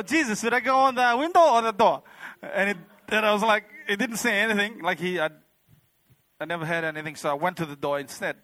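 Man, church testimony, rambling, heartfelt, fillers, slightly high voice. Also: creaky, bright, forceful tone, no room sound. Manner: rambling, heartfelt, full of "you know" and "like". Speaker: church member giving a testimony. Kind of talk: personal testimony to a congregation.

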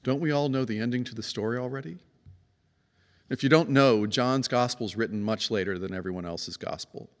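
Man preaching in a reverberant church. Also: a little fast. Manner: conversational, acts out quoted voices, emphatic swings in pitch. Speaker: pastor. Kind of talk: sermon. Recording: long reverb of a church hall.

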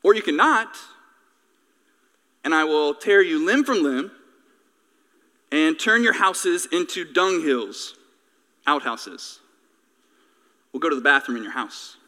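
A man's voice: fairly high pitch, animated, slow pace, long pauses, pushed and bright, heavily acted. Angry tyrant king, demanding and emphatic, echoey hall, a preacher doing the voice. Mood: threatening. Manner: stern, emphatic threats. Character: furious ancient king, male, adult, demanding and threatening.

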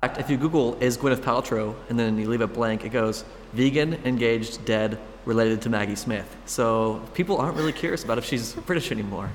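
A man talks casually on a podcast, sure of his opinions and quick with dry jokes. His voice trails off into a long reverb, over a faint hum. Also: mid-range voice. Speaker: podcast co-host. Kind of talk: casual chat about the Oscars.

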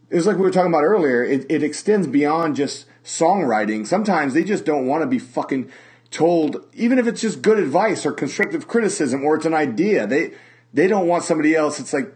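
A man's voice: fairly high pitch, lively intonation, a little fast, a little mellow. Profane, rambling man on a podcast. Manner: rambling, profane, many fillers and restarts. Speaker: podcast host and metal vocalist. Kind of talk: casual conversation. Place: lives in Las Vegas.

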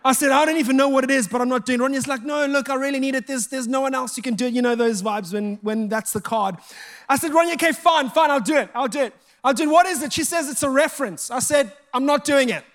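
A man with an extremely high voice preaches a sermon at a fast clip. He tells jokey, self-mocking stories with lots of animation, acting out the dialogue within them.

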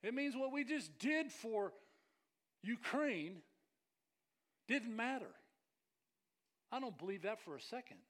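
A man preaching a sermon as pastor, animated and joking with the congregation. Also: very high voice, slow pace, pauses often.

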